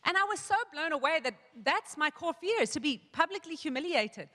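Woman pastor giving a sermon, bright voice, lots of restarts, echoey church hall. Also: sits high, lively intonation, fairly quick. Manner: storytelling with many restarts and quoted asides.

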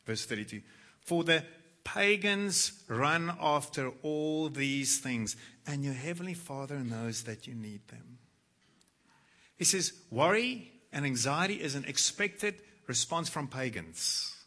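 A male pastor delivers a sermon with a very bright, slightly high voice. He moves dramatically between hushed, low stretches and loud, impassioned bursts as he reads and retells scripture. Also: expressive, takes it slowly. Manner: dramatic, swings from soft to loud when quoting scripture. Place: church.

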